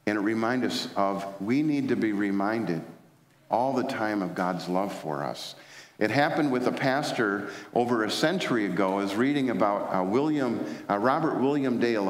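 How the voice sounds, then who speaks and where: A man preaching a sermon as pastor, telling stories with frequent fillers and restarts. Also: mid-range voice. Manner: storytelling, many fillers and restarts. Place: large church sanctuary. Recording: echoey church hall.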